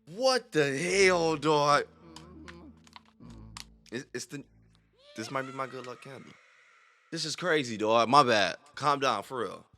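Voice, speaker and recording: A young man hosting a reaction video, excitable and slangy, sometimes dropping to a near-whisper. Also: mid-range voice, measured pace, long pauses.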